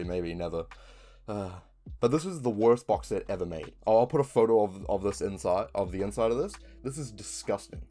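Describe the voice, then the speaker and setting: Young New Zealand man, casual sweary vlogger, slightly low pitch. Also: mellow. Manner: rambling, swears often, frequent ums. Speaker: video creator. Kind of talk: casual chat.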